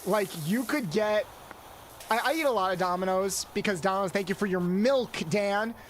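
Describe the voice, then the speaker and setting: A woman's voice: mid-range voice, slight background noise, rough recording. Chatty woman streamer talking to chat. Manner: chatty, rambling, quick asides to chat. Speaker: streamer host.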